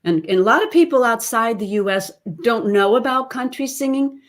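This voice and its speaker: A woman voice teacher gives an online webinar lesson through a computer mic, chatting and explaining as she goes. Her voice is fairly high and brisk, and she demonstrates sounds and sung snippets in the middle of her explanations.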